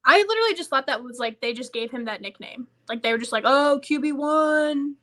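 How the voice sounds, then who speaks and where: A young woman chatting as a podcast co-host, her voice bright and sharp and pitched a bit high. She tells stories in a gushy, animated way. "Like" and "literally" come up in nearly every sentence. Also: fast. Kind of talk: casual chat.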